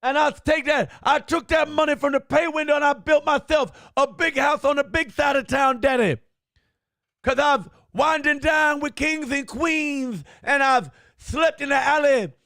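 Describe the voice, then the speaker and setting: A man's voice: very high voice, measured pace, vocal fry, fairly bright tone, dry recording, clean studio sound, pitched above the performer's own voice, full character voice. A man putting on a boastful, drawling showman voice with a sing-song promo delivery. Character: booming swaggering showman, grown man, boastful.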